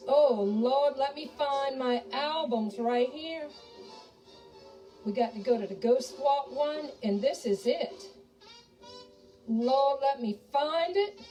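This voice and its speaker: Woman host, folksy kitchen chatter, somewhat high voice, mic set back, music behind. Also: dark tone, distant mic, low-quality recording. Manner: folksy, talks to viewers as y'all. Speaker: home cook and ghost tour guide. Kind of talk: chatty cooking video. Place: home kitchen.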